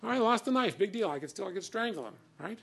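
Gravelly-voiced man lecturing a class. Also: high voice, expressive, quick pace, a bit bright. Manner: conversational, many fillers, reads passages aloud with emphasis. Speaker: lecturer on Jewish texts.

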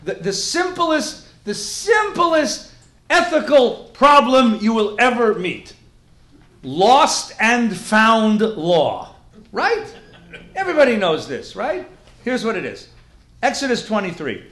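Brief: man, rabbi teaching a class, joking and animated, fairly high voice, echoey room. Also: slow pace. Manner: animated, joking, drops Yiddish words. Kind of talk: lively lecture to a live class.

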